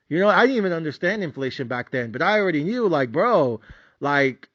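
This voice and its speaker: A man's voice: on the high side, a bit bright, no echo, lo-fi sound. A man hosting a podcast, telling a story in a casual, profane, fired-up way with lots of slang. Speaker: podcast host. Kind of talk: casual monologue.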